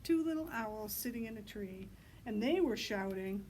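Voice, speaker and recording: Librarian lady doing story time outside, slow singsongy voice, big loud owl hoots, mid pitch, a little outdoor hum behind. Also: low-quality recording. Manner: animated sing-song reading to kids, hooting loudly. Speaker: children's librarian.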